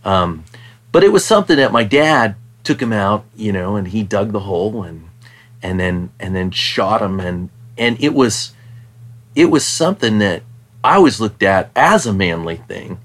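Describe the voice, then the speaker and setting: Soft-spoken reflective man, low voice. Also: lively intonation, normal speed. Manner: reflective, softer and hesitant with many ums. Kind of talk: casual chat.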